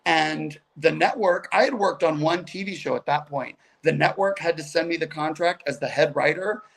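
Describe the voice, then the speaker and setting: Man, middle-aged, comedian guest, lively storytelling, gravelly, a bit high, video call. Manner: animated, chatty, quick asides.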